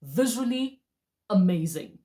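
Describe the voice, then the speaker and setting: A woman's voice: mid-range voice, very animated, takes it slowly, mellow. A woman giving a casual, chatty movie review, talking straight to her viewers and laughing often.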